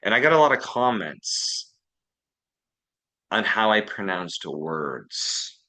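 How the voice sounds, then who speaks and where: A man's voice: lowish voice, big pitch swings, takes it slowly, sharp tone, low-quality recording. A man with a Canadian accent in a casual group discussion, telling self-deprecating anecdotes.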